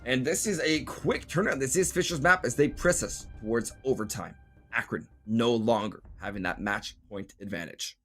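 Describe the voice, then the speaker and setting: A man's voice: medium pitch, moderate pace, fairly bright tone, faint music behind. A man doing color commentary on an esports match, laughing easily and taking teasing in good humour. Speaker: esports co-caster.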